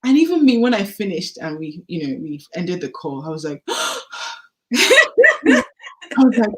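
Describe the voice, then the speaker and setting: A woman telling her personal story as a podcast guest, candid and animated, acting out the dialogue she recalls. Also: deep voice, measured pace. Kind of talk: personal testimony in a podcast interview.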